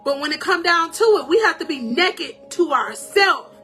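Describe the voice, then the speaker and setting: High, bright-voiced woman life coach. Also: normal speed, faint music behind. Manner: animated and emotional, laughing often; preacherly, calls out to viewers. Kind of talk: encouraging live-stream talk.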